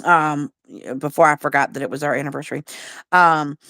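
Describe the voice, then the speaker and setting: A woman's voice: low voice, steady tone, brisk, a bit bright, no room sound. A woman, chatting casually and rambling as she hosts a livestream and answers viewer comments. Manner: rambling and chatty, with frequent restarts and a drawl. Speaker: livestream host.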